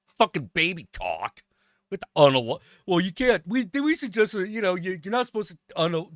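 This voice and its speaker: A man's voice: high voice, no echo, clean studio sound. A man hosting a stream, ranting in casual chat, swearing a lot and stumbling over restarts. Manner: profane, animated ranting with stammered restarts. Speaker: stream host.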